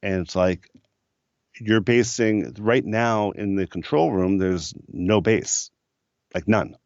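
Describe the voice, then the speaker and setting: A middle-aged man from the United States recounts his studio years in an easygoing, filler-heavy way. His voice sits low and deep. The recording is dry and a touch dull. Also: takes it slowly, no room sound. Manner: rambling anecdotal storyteller with many fillers. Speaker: record producer, podcast guest. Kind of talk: casual storytelling interview.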